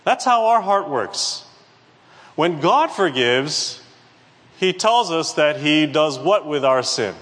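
A man delivers a lively sermon from the pulpit, often turning to question the congregation. His voice sits a little high, and it rings out with the long reverb of a church hall. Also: slow. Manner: animated, asks the congregation questions. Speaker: preacher.

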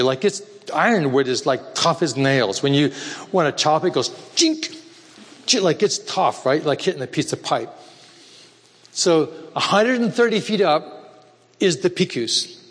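A man telling a missionary story in a lively, animated way, acting out the voices of the people in it. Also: medium pitch, long reverb tail. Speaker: missionary speaker. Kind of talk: storytelling talk.

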